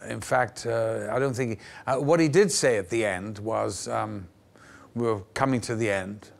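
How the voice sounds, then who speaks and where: An older actor telling stories as a guest on a television interview show, animated and playful, slipping into the voices of people he quotes. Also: lowish voice, normal speed, gravelly. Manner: lively raconteur who acts out the voices in his stories. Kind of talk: anecdotal interview storytelling. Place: television studio.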